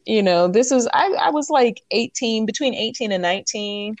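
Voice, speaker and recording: A woman's voice: a little high, normal speed, no room sound. Young woman telling a story on a podcast. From California. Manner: storytelling, animated quoted asides. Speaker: podcast co-host. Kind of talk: casual chat.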